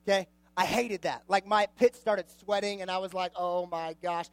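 High-voiced young man preaching casually. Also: steady tone, moderate pace, dry recording, poor audio. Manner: conversational, jokey, asks the audience questions. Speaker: youth pastor. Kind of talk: casual sermon to a youth group.

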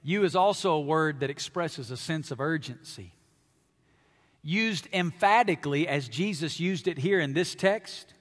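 A man from Alabama with a Southern accent, preaching a sermon as pastor, emphatic and animated with playful asides to the congregation. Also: on the high side. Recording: long hall reverb.

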